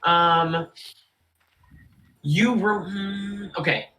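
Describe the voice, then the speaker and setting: A man's voice: high-pitched, pushed and bright, slight background noise, poor audio. Casual male game master narrating. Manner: casual, many fillers, halting.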